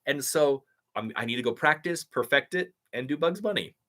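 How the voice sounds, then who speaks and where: A man's voice: medium pitch, animated, moderate pace, pushed and bright. Upbeat young man chatting on a live stream. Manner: upbeat, reads chat comments aloud and thanks viewers. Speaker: YouTube impressionist answering live chat. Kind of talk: casual live-stream chat.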